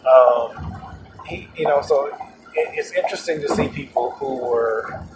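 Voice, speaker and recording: A chatty man rambles through a casual monologue from inside a moving car, chuckling now and then and circling back on his thoughts. His voice sits at an ordinary middle pitch. Steady road noise hums clearly underneath. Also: unhurried. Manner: chatty, laughs often, many restarts. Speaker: podcast host. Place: moving vehicle.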